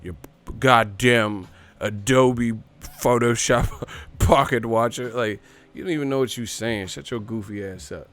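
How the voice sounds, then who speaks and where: A man hosting a boxing livestream in a loose, ranting style, cursing freely and laughing at the people he mocks. His voice sits at an ordinary male pitch. Faint music plays behind him. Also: a little slow, a bit bright. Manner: profane, mocking, laughs often. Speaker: boxing show host. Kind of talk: casual ranting livestream talk.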